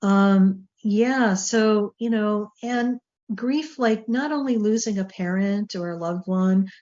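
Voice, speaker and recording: Woman host, loose conversational delivery, mid-pitched, slightly lo-fi recording. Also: slow, a little mellow. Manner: chatty, rambling, full of fillers. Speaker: show host. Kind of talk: casual talk-show monologue.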